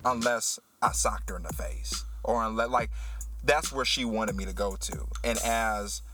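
A man who works as a teacher, hosting a casual podcast chat and telling a story with animated, heated energy. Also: on the low side, a little slow, a little hiss or hum. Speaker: podcast host.

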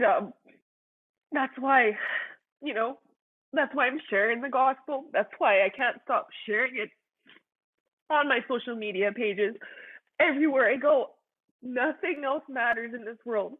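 A young woman gives an emotional personal testimony in an earnest, fervent voice, leaning on "like" and "you know" as she talks. Her voice sits at an ordinary middle pitch. The sound is thin and tinny, as if it comes through a phone.

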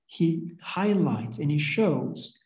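A man preaching a sermon in an earnest, halting way, often rephrasing and repeating his phrases. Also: on the high side, lively intonation, a little mellow. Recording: echoey room.

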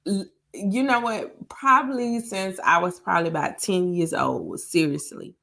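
A big-voiced woman in her thirties speaks with a South Carolina Southern accent. She tells stories in loose podcast chat. Her delivery is animated and emphatic, and she hammers home her lines by repeating them. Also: medium pitch, unhurried, vocal fry. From Greenwood, South Carolina. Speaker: podcast co-host. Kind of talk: casual chat, storytelling.

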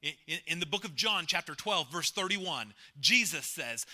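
A man's voice: fairly high pitch, expressive, moderate pace, few pauses. A man preaching a sermon as pastor, repeating key phrases and joking with the congregation. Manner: emphatic preacher, repeats phrases, swings from loud to hushed; jokes with the congregation, asks questions.

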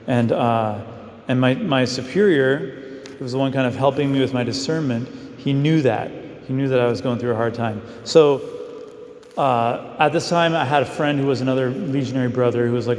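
Here a priest speaks to his congregation in a mid-range, somewhat mellow voice, telling stories in a conversational mission homily packed with fillers. His words echo through a hall with long reverb.

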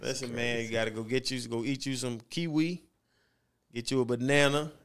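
A man's voice: mid-range voice, steady tone, moderate pace, fairly bright tone, clean tone. A man who is a guest on a casual podcast chat, joking emphatically and swearing freely.

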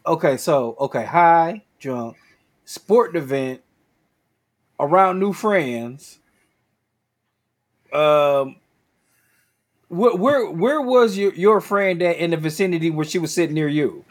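A man in a casual podcast chat, thinking aloud in halting phrases and repeating himself. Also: on the high side, expressive. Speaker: podcast co-host.

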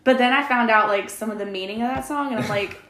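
A woman's voice: on the high side, quick pace, fairly bright tone. Chatty woman podcast host, echoey room. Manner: chatty, laughing storyteller with many fillers. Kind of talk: casual interview chat.

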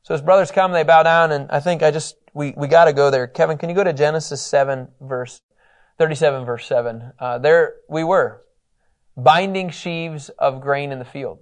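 Bible teacher, male, higher voice, lively, talks it through casually. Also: moderate pace. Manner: animated, conversational, acts out quotes.

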